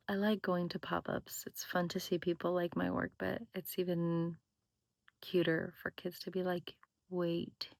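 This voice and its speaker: A woman talks casually through her crochet vlog, rambling and poking fun at herself. Her voice sits a little low and she speaks slowly and unhurried. The recording is dry and close, with no room sound. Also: vocal fry, no echo. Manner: chatty, rambling, self-deprecating. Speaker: crochet vlogger. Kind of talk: casual chat.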